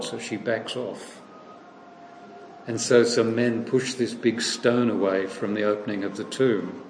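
A man preaching a sermon, retelling a story in a lively way and acting out the voices he quotes. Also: on the low side, measured pace, echoey room, a little hiss or hum, low-quality recording.

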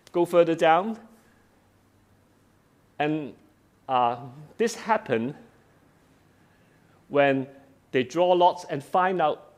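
A man giving a sermon, reading Bible verses aloud and then explaining them in plain, simple words with frequent restarts. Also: a little high. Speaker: preacher. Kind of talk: sermon, Bible study exposition.

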